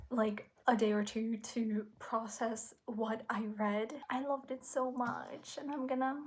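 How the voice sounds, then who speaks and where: A young woman vlogging about her reading, excitable and gushing, sometimes dropping to a nervous whisper. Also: on the high side, slight background noise. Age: young adult. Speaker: book vlogger. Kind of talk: casual vlog talk to camera.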